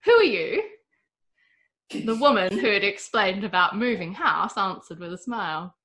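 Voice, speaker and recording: A woman narrating a storybook tale aloud with a lively, expressive reading. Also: mid-range voice, normal speed.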